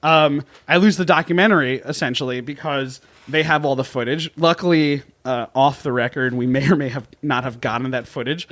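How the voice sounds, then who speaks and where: A man, a comedian and podcast guest, telling stories in an animated way and often laughing and acting out quotes. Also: medium pitch, a little fast, few pauses, no echo. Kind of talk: casual storytelling chat.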